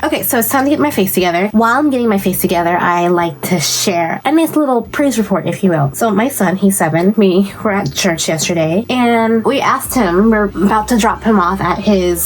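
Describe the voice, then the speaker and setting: A beauty vlogger in her thirties chats casually while doing her makeup, telling a story and slipping into quoted voices along the way. Her mid-range voice is expressive and fairly quick with hardly any pauses, over soft background music.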